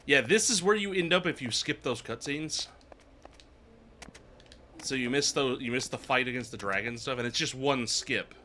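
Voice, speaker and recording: A man's voice: medium pitch, moderate pace, sharp tone, a little hiss or hum. A man streaming a video game live, chatting casually and laughing often as he plays. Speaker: VTuber streamer. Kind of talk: casual gameplay commentary.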